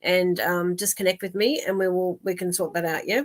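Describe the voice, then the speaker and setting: An Australian woman hosts a psychic live stream, doing readings and chatting with viewers. Her lowish voice is flat and moderately paced; she is casual, giggly, chatty and warm-hearted, rambling with many fillers and restarts and laughing often.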